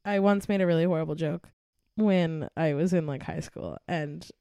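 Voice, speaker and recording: A young woman with a low, mellow voice talks at a moderate pace, recorded with no echo. She co-hosts a true crime podcast, chatting and giggling with her friend before reading case notes on a murder, laughing often as the casual talk turns to narration.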